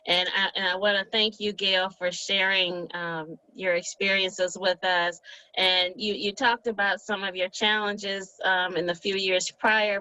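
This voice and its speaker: A woman interviewer who asks questions and gives warm, affirming replies. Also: mid-range voice, lo-fi sound. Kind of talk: interview hosting.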